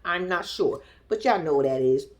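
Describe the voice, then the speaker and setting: A woman recapping a reality show in casual reaction commentary, sassy and profane, talking straight to her viewers and swinging between loud outbursts and low muttered asides. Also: animated, normal speed.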